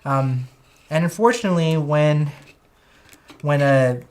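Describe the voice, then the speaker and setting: A man with a high-pitched, whiny voice, rambling enthusiastically as he chats casually on a toy unboxing livestream. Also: slow, a little mellow. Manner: rambling, enthusiastic, self-correcting. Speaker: toy collector streamer.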